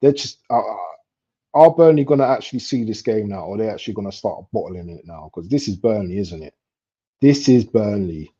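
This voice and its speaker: A young man chatting casually while he streams a football match live. He talks in street slang and breaks into excited outbursts at near misses. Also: fairly low pitch, a little fast, slightly rough. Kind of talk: casual live commentary chat. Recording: dull lo-fi stream audio.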